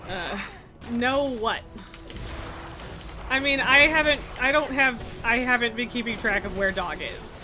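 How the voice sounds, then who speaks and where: A woman's voice: fairly high pitch, measured pace, long pauses, over music. A woman streaming a game live, chatting casually, laughing often and swearing freely. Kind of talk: casual live gameplay commentary.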